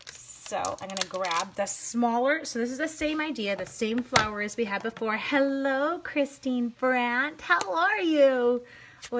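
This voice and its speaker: A woman's voice: a little high, a bit bright, slight background noise. A woman from Canada in her forties, chatting casually and bubbly as she demonstrates a craft project on a livestream and greets viewers. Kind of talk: casual livestream demo chat.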